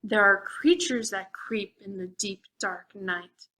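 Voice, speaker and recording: A gooey male swamp monster from a picture book orders a little one off to bed, voiced by a woman reading aloud. He is bossy but mild, delivered slowly. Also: mid-range voice, fairly even intonation, sharp tone. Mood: stern.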